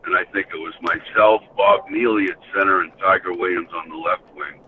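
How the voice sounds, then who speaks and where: A man's voice: deep voice, brisk. An older American man and former hockey enforcer, telling rambling stories as a podcast guest, often saying "you know". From United States. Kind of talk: casual storytelling. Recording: tinny phone line with faint hiss.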